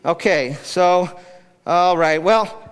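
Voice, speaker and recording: Guy doing a pushy determined eagle rescuer, high lively voice, long echoey hall. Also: takes it slowly, smooth. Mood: urgent, coaxing.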